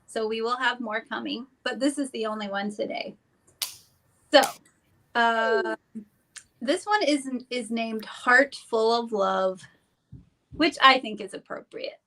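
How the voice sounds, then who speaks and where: A woman co-hosting a live online vintage sale, presenting items in an easygoing, gentle way. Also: on the high side, takes it slowly, long pauses. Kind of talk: live online auction selling.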